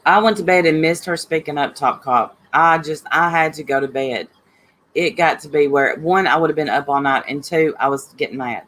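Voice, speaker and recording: A woman's voice: low voice, normal speed, a bit bright, low-quality recording. Woman, livestream host, chatty, blunt, heated, reads viewer names. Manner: chatty, greets viewers by name, blunt and fired up. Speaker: livestream host reading chat. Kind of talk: casual livestream chat.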